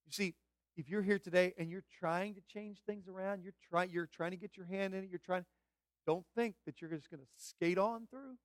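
A man preaching a sermon as pastor, fervent and emphatic, building to loud repeated declarations. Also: high-pitched, steady tone, normal speed, dry recording, clean studio sound.

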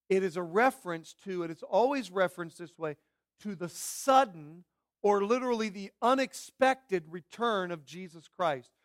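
A man's voice: high voice, no echo, clean studio sound. A man preaching a sermon as pastor, emphatic and repeating key phrases for weight.

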